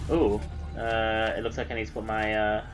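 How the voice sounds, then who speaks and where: A man's voice: lowish voice, level tone, normal speed, music in the background, low-quality recording. An English man giving rambling, casual commentary while streaming a video game, swearing now and then. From England.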